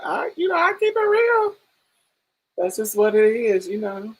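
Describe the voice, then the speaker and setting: A woman's voice: fairly high pitch, big pitch swings, unhurried, slightly rough, poor audio. A woman hosting a long casual livestream podcast, chatting, laughing often and calling people honey and baby. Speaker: podcast host.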